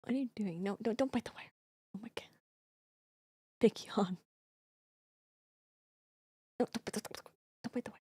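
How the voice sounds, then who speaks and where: A woman's voice: mid-range voice, normal speed, pauses often, mellow, husky, dry recording, studio quality. A woman streamer chatting casually from her home recording setup, talking affectionately to her cat in baby talk and swearing now and then. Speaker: streamer and singer. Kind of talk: casual live-stream chat.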